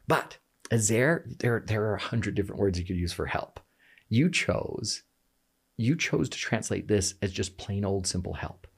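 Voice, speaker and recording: Man, low husky voice, very animated delivery, passionate conversational explainer. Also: a little slow. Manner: passionate, emphatic, fond of rhetorical "right?". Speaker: guest explaining scripture.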